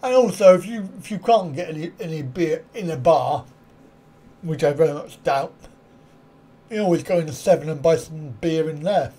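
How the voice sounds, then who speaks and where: A middle-aged British man hosts a live stream at a moderate pace, his high-leaning voice mellow with a breathy edge. He chats casually in response to viewer comments, often chuckling at his own wry, self-mocking asides.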